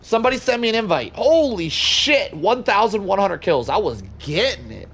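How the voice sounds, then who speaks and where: A man hosting a live game stream and chatting with his viewers in a loud, excitable, joking way, swearing freely. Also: high-pitched, brisk, creaky, slightly rough. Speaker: livestream host. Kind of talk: casual live gameplay commentary.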